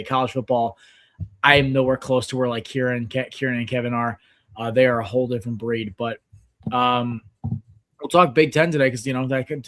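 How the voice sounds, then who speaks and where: A man in his thirties hosting a casual sports podcast, rambling with lots of fillers and restarts. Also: mid-range voice. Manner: rambling, filler-heavy, excitable. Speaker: podcast host.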